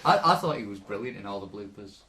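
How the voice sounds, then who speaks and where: A man's voice: on the low side, lively intonation, fast, pushed and bright. A man co-hosting a casual comedy podcast, reading out listener submissions, laughing often and talking with many fillers. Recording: roomy with faint noise.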